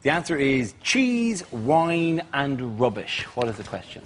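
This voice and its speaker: A man hosting a comedy panel show, presenting briskly before a studio audience. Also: medium pitch, sing-song. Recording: studio audience and room noise.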